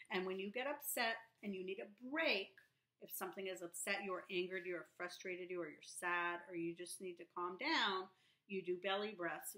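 A woman with a bright, clear voice teaches young children, stretching out words and saying them again and again. Her voice rings a little in an echoey room. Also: medium pitch. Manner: slow, sing-song phonics teaching with repeated words. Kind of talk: remote lesson for young children.

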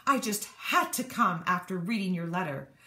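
A woman voicing a kind, graceful fairy woman who speaks gently. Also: on the low side, expressive, moderate pace, roomy sound. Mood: gentle.

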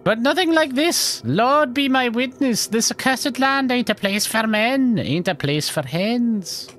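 A man voicing a suspicious old woman with chickens, in a high, wavering put-on Irish accent. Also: lively intonation, measured pace, a bit bright, a little hiss or hum, full character voice. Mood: solemn.

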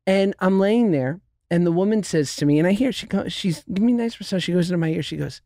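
A man's voice: sits high, fast, mellow, no echo, studio quality. A man hosting a podcast, telling stories in casual comedic chat and laughing at his own jokes. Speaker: podcast host.

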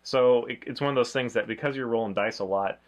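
A man hosting a casual board game review, talking in a flat, low-key way. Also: fast talker. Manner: low-key, flat delivery, self-described monotone.

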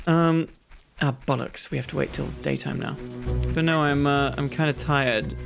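A host giving relaxed, rambling ASMR gameplay commentary, low energy and self-mocking, with game music behind. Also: moderate pace, creaky. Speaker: gaming channel host. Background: video game music.

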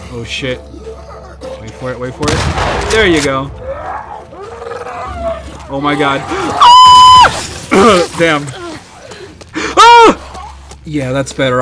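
A man giving casual gameplay commentary, panicking, swearing and repeating himself in quick bursts. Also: medium pitch, steady tone. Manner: panicky, swears a lot, repeats words rapidly. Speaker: let's play gamer. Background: loud game music.

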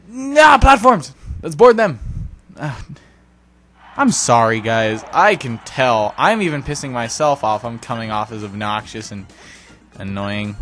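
A young man giving casual, self-deprecating gameplay commentary, breaking into sudden excited yelps. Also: medium pitch. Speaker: let's play commentator.

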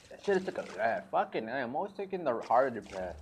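A man's voice: mid-range voice, sing-song, a little fast. Swearing, jumpy man doing horror let's-play commentary over a noisy home mic. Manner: jumpy, swearing, prone to panicked shouting. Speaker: gaming video creator.

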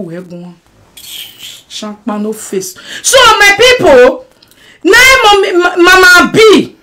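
A Nigerian woman with a high-pitched voice vents straight to her live-stream viewers. She swings from shouting to grumbling under her breath. She mixes Pidgin and English as she goes. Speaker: social media personality. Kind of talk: emotional live-stream rant.

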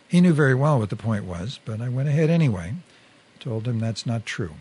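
A man with a husky, slightly breathy voice at an everyday pitch reads a first-person story aloud. He tells it in a measured, wry way and keeps an even storytelling pace. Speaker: reader.

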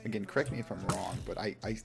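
A man's voice: fairly low pitch, fast, gravelly, over loud music. A man from Oklahoma chatting casually and rambling while he plays a game on a live stream. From Oklahoma, United States.

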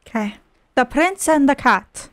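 A woman's voice: high-pitched, animated, a little slow. A young woman giving casual, profane and sarcastic commentary as she plays a game, with frequent exclamations. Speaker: gaming video host. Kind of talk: casual let's-play commentary.

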